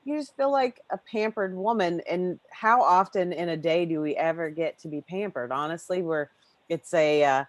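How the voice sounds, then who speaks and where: Woman, podcast host, fairly low voice, dry close sound, effusive and rambling. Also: moderate pace, dry recording. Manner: effusive, rambling, swears casually. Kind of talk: casual podcast chat.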